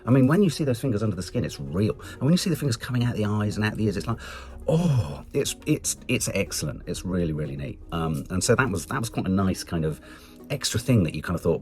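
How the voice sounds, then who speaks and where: English guy doing a chatty film review, low voice but swoops up high a lot. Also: brisk. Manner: chatty, animated, swears casually, jumps into high mock voices. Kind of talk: casual spoken film review.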